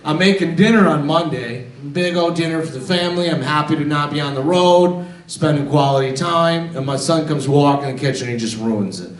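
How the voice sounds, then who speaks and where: A man's voice: on the high side, a little fast. A man in his forties doing a stand-up comedy set on a theater stage, telling stories in a chatty way and acting out family dialogue. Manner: conversational storytelling, acts out family dialogue. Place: theater stage with a live audience. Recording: roomy theater sound from a distance.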